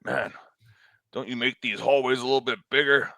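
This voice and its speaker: Bright-voiced man playing a soldier. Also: medium pitch, steady tone, normal speed, vocal fry, dry recording. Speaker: player. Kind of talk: in-character tabletop role-play.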